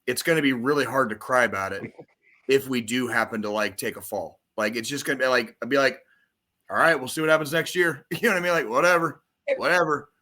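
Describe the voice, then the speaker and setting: A man co-hosting a casual podcast, ranting about football in a profane, excitable, rambling way. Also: mid-range voice, quick pace. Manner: profane, excitable, rambling sports-fan rant. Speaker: podcast co-host. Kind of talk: casual chat.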